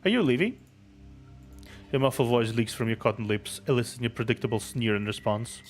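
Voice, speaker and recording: A man streaming a game reads its story aloud in steady, even narration, breaking off now and then for offhand asides. Soft game music plays faintly behind him. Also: medium pitch, fast talker.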